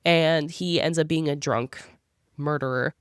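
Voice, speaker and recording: A woman in easygoing podcast chat, her voice sitting on the lower side and lively as she jumps into little character voices. The sound is dry and close, with no room around it. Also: smooth, no room sound. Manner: animated, acts out characters' lines in quick voices. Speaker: podcast co-host. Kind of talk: casual book club chat.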